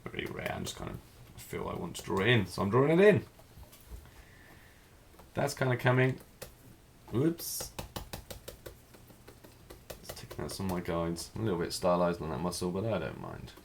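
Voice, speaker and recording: A man with a fairly low voice leads a live figure drawing lesson, narrating his strokes as he works. He talks in a relaxed, thinking-aloud way. A faint hum of room noise sits behind him. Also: moderate pace, gravelly, pauses often. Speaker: life drawing teacher.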